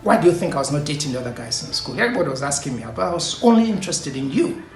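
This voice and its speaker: A self-assured young woman, teasing and confident, as a man puts her on. The voice sits in a roomy, echoing space with quiet music underneath. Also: sits low, sing-song, very fast. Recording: echoey room, faint music.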